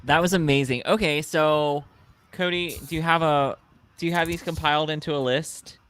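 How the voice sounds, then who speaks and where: A man co-hosting a casual late-night chat, rambling and excitable, often trailing off mid-thought. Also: fairly high pitch, normal speed, clear, resonant tone. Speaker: co-host.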